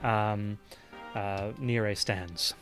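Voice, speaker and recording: Unhurried man narrating as game master. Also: fairly low pitch, steady tone, a bit bright, soft background music. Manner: descriptive, unhurried, with frequent ums and uhs.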